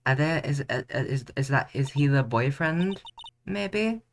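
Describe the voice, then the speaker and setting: A young man streaming a game, joking and reacting in a chatty, excitable way. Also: medium pitch, unhurried, creaky, slight background noise. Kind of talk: let's play commentary. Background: game music.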